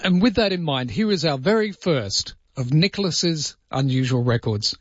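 A man's voice: a little high, expressive, normal speed, no echo, dull audio. A man hosting a radio show in casual, joking banter, teasing his co-workers. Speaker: radio host.

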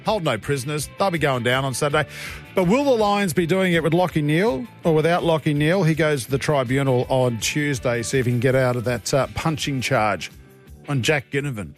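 A man's voice: on the high side, a little fast, faint music behind. A man hosting breakfast talkback radio, chatty, opinionated and joking.

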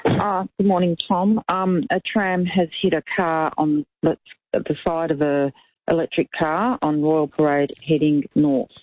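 A man's voice: a little high, steady tone, a little slow, a little hiss or hum. A man calling in to a radio show, reporting what he saw in a plain, matter-of-fact way. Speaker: caller. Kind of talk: phone-in report. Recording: tinny phone line.

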